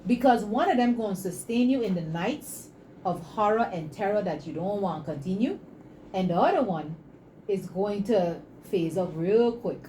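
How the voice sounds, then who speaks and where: A woman, a guest in an interview, telling stories and making her pitch with preachy passion. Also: moderate pace, dark tone, slight background noise, rough recording. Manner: passionate, preachy, acts out dialogue. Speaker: entrepreneur guest.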